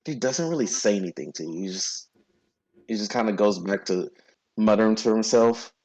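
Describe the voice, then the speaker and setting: Man game master, fairly low voice, halting scene narration, tabletop game. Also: animated, darkish tone, low-quality recording. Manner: descriptive, halting with fillers.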